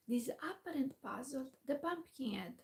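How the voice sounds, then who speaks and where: A woman in a whispered role-play, reading a classic storybook aloud softly with quiet asides. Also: high voice, rough recording.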